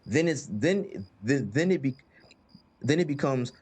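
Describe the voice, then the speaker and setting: A man talks through a game in a loose, rambling way. He stumbles over and repeats words, with lots of fillers, at a middling pitch. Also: animated, measured pace, darkish tone, breathy edge. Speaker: host. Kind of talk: casual gaming chat.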